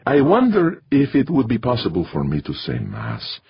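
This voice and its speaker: Guy reading polite formal old priest, husky low voice, kinda muffled lo-fi sound. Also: wildly swooping pitch, no echo, exaggerated voice. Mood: courteous. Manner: courteous, measured and formal. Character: gracious older male priest, polite and formal.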